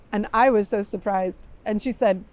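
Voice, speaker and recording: A woman who is a spiritual teacher, telling a personal story in a reflective way and laughing softly now and then. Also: medium pitch, no echo. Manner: reflective, with frequent soft laughs.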